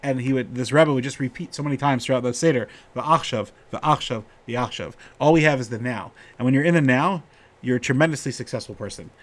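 A middle-aged man gives a casual Torah talk full of stories. His pitch sits in an ordinary middle range, and he rises and gets livelier when he acts out what the characters said. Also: quick pace. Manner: storytelling, animated when quoting characters. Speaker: rabbi giving a Torah talk.

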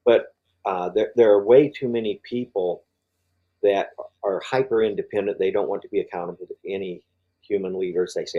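A man's voice: low-pitched, steady tone, moderate pace, narrow, tinny audio. An older man as an interview guest, talking through his faith story, rambling with many fillers and restarts. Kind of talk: podcast interview conversation.

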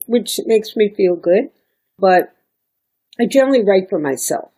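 A middle-aged woman, a singer and songwriter, telling stories in a casual interview, animated and laughing often. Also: mid-range voice, unhurried, long pauses, husky. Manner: animated storyteller, laughs often, mimics quoted voices.

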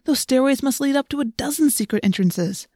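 A woman's voice: high-pitched, animated, brisk, warm tone, dry recording, clean studio sound, pitched above the performer's own voice. A woman voicing a nervous, wisecracking teenage boy in an audiobook, speaking in a shaky, often whispery voice. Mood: awed whisper.

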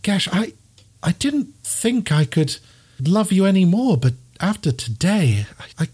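Man voicing a gentle young groom in a tabletop game; flustered, raised pitch, pleading. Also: very animated, a little slow, husky, exaggerated voice. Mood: tender.

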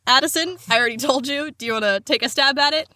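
An American woman co-hosting a comedy podcast, laughing often and rambling through her notes. Her voice is bright and forward, recorded dry and close with no room sound. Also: high voice, quick pace, dry recording. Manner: giggly, rambling, self-deprecating. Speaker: podcast co-host. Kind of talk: casual comedy chat.

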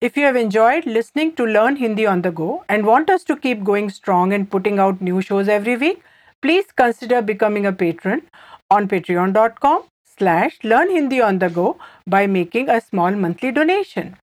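A woman co-hosting a language-lesson podcast, reading her script and repeating phrases slowly and carefully. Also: medium pitch, lively intonation. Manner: slow, careful repetition of phrases. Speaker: language teacher, podcast co-host.

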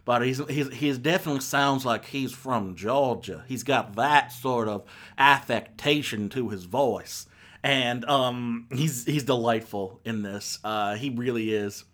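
A man's voice: medium pitch, unhurried, a bit bright. A man giving a casual spoken movie review, rambling with many ums and restarts.

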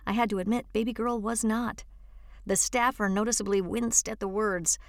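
A woman's voice: medium pitch, steady tone, normal speed, dry recording, clean studio sound. A woman reading a true-life story aloud for a reading service, lifting her voice for quoted lines. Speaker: volunteer reader. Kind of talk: read-aloud story narration.

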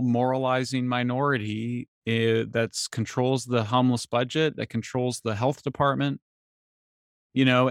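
Man, gravelly voice, dry close mic, interview guest, animated, exasperated bursts. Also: mid-range voice, dry recording. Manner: animated, voice jumps up when exasperated. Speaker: guest author. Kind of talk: casual interview conversation.

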